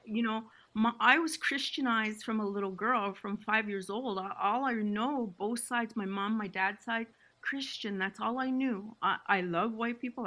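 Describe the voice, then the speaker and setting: A woman's voice: fairly high pitch, pushed and bright. A woman from Six Nations, Canada, a podcast guest telling her family story in an emotional, reflective way. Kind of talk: podcast conversation.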